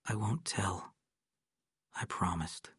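A man voicing a wounded, dazed young husband who answers softly and haltingly. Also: mid-range voice, husky, no room sound. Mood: whispered. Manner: soft, quiet, faltering.

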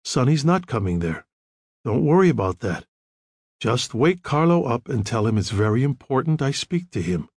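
A man voicing a calm, controlled counselor who gives quiet, measured instructions. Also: mid-range voice, breathy edge, no echo, clean studio sound. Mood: gentle.

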